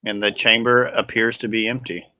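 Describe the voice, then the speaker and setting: A man running a tabletop game as dungeon master, describing scenes in a halting way with many restarts. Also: lowish voice, flat delivery, bright, forceful tone.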